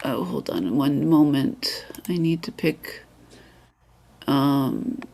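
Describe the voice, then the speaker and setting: A woman hosting an English exchange on a live video call, relaxed and talking through each step as she sets up her screen. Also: rumbling low, slow, gravelly. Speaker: host of an English exchange session.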